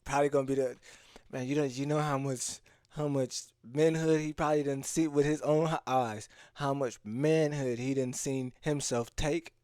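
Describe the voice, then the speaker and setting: Slangy male streamer, smooth dry voice. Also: mid-range voice, fairly even intonation, moderate pace, dark tone, no room sound. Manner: loose slangy talk with many restarts; addresses the audience directly. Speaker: streamer reacting to a video. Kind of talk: casual reaction commentary.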